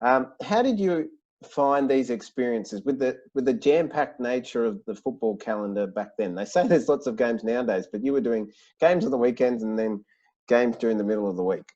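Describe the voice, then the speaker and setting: A man's voice: mid-range voice, normal speed, dark tone. Man asking careful interview questions. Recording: dull lo-fi recording.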